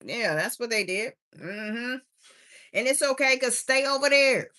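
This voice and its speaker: Bright sing-song woman tarot reader. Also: a little high, animated, unhurried. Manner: chatty, drawling, sing-song refrains, laughs to herself. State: tired. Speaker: tarot reader streaming live. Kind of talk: casual livestream tarot reading.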